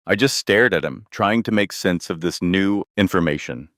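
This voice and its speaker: Brief: male narrator, very low voice, dry close sound, measured scripted delivery. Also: a bit bright, no echo. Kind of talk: scripted first-person story narration.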